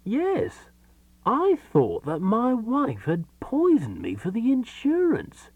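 A man's voice: very high-pitched, huge pitch swings, takes it slowly, dry recording, phone-quality sound, pitched above the performer's own voice, heavily acted. A man voicing a fretful man recounting a bad dream in an audiobook reading. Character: man in silk pajamas, anxious, chatty.

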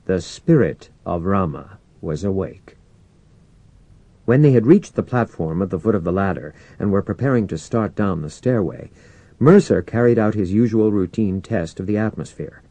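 Man, audiobook narrator, measured, expressive, lively pitch, dry close sound. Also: dry recording. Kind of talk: scripted narration.

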